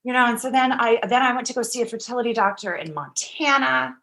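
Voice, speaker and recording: A woman's voice: a little high, quick pace, bright, forceful tone. A woman actor as a podcast guest, telling a candid personal story in a rambling way, full of restarts, acted-out quotes and casual swearing.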